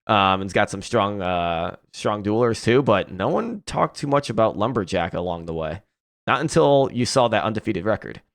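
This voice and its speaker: Smooth low-voiced esports host. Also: male voice, animated, moderate pace, dry recording, clean studio sound. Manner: casual, joking, frequent fillers. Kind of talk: live esports stream hosting.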